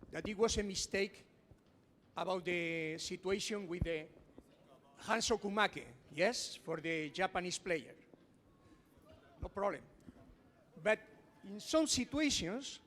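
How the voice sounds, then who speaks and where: A man presenting at a seminar, talking earnestly with non-native phrasing and a lot of repetition, to an audience in a large hall. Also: high voice. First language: not English. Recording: echoey hall with background noise.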